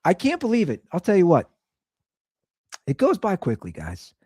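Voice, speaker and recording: A man's voice: high-pitched, huge pitch swings, normal speed, darkish tone, breathy edge, no room sound, studio quality. A young man hosting a casual solo podcast, rambling about family life. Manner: rambling, chatty, swings between sing-song and mumbling. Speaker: podcast host.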